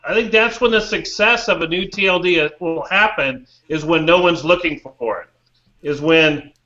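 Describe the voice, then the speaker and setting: A man's voice: a little high, normal speed, bright, forceful tone, muffled recording. A man speaking as a panelist in a casual discussion, thinking aloud with trailing restarts over a remote call.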